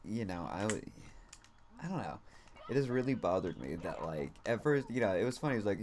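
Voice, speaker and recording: A man streaming a game and chatting casually, with a slightly low voice. He rambles through his story, leaning on "like" and "you know" every few words and dropping casual swears along the way. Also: sing-song, brisk, darkish tone.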